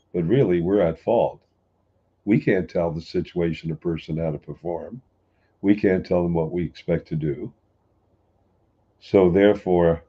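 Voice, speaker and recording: A man talking in a folksy, plain-spoken way, joking lightly as he explains. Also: low voice. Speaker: speaker answering a question. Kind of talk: relaxed spoken talk. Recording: dull lo-fi sound.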